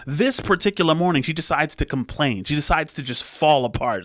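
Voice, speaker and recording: A man's voice: on the high side, lively intonation, a little fast, a bit bright, no room sound, studio quality. A man hosting a music reaction channel, chatting casually to his viewers and often checking in with them. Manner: conversational, often checks in with "right?".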